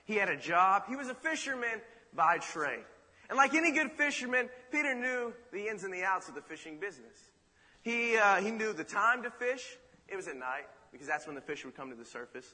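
A man preaching a sermon, retelling a story in a dramatic, animated way with rhetorical asides. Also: sits high, a little fast. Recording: reverberant hall.

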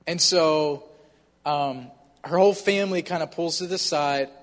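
A man's voice: fairly high pitch, a little slow, long reverb tail. A man casually telling a personal story, with frequent fillers and a conversational, earnest manner. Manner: conversational, many fillers like "you know".

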